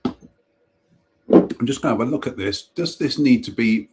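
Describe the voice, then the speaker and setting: On a casual live stream, a male host reads short ghost stories aloud in an animated, mid-range voice with a darkish tone, going a little slowly. He stops now and then for dry, jokey asides, and when he trips over a word he simply goes back to it.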